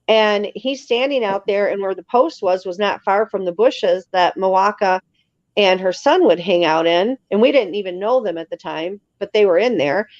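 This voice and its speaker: Lively woman storyteller, muffled lo-fi sound. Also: medium pitch, moderate pace, no echo. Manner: lively storyteller who acts out other people's lines. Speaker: interview guest. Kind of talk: casual storytelling in an interview. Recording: slightly dull lo-fi sound.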